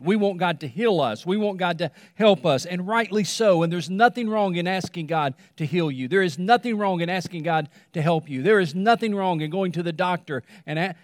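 Male pastor, slightly high voice, dry close mic with long hall tail, dramatic hushed drops, repetitive emphatic sermon delivery. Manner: dramatic pauses, repetition, drops to a hush on key words.

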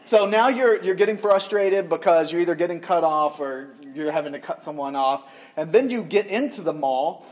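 A man's voice: on the high side, moderate pace, hardly any pauses. A middle-aged man from the American South preaching a conversational sermon and joking with the congregation. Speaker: pastor.

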